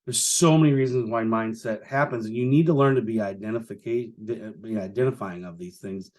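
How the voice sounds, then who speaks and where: A man's voice: on the low side, brisk, darkish tone. A man hosting a solo business podcast in a casual, rambling way, filling his talk with "you know" and restarts and chuckling as he tells stories. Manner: chuckles while telling stories. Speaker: podcast host, business owner.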